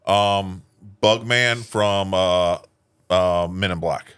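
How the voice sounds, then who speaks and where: A man's voice: sits low, fairly even intonation, extremely slow, fairly bright tone, clean tone. Swearing podcast man with a lisp. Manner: crude, swears freely, jokey. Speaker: podcast co-host. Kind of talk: casual chat.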